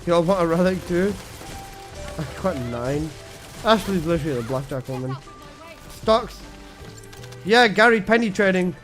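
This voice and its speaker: Young dude streaming a game, fairly high voice, slangy and crude, laughs at his own jokes. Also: expressive, normal speed, long pauses, a bit bright, soft background music. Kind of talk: casual live-stream chat.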